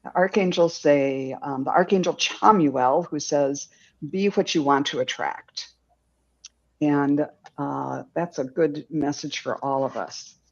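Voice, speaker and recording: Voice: mid-range voice, takes it slowly, gravelly, dull audio. A guest tarot reader speaking over a video call, dreamy and descriptive, with hesitant fillers. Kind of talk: intuitive reading, casual chat.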